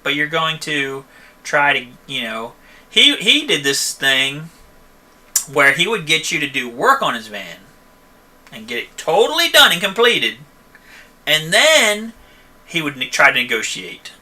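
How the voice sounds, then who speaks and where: A man's voice: on the high side, big pitch swings, unhurried, pauses often, sharp tone. A man who runs a van repair shop, hosting a casual live stream and answering viewer questions in a rambling, chatty way, often tagging "okay?" and "you know.".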